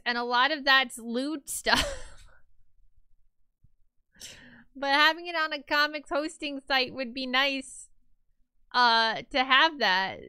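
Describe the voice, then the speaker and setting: A woman's voice: sits high, bright, forceful tone, smooth, no echo, clean studio sound. A young woman streamer in casual chat with her viewers, rambling and chatty with lots of fillers.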